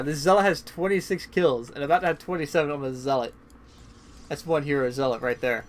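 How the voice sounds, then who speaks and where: A man giving casual, chatty play-by-play commentary on a strategy game match, swinging into excited bursts, and sounding tired. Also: on the high side, a little fast. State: yawning, tired. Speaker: esports caster.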